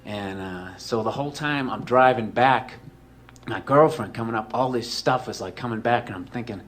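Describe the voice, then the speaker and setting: A man's voice: medium pitch, moderate pace, a bit bright. A man telling a comedic personal story in a rambling, profane way, full of "like" and "you know".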